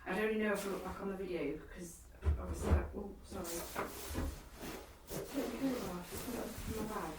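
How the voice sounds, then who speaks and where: A woman's voice: mid-range voice, normal speed. A woman chatting casually and coaxingly calling out to spirits while ghost hunting. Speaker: paranormal investigator. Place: abandoned farmhouse indoors. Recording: echoey room from far off, faint hiss.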